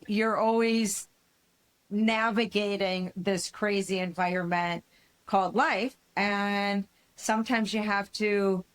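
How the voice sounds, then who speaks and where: A woman co-hosting an interview, talking in a measured, reflective way. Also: mid-range voice, clean tone. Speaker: co-host. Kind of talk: casual interview talk.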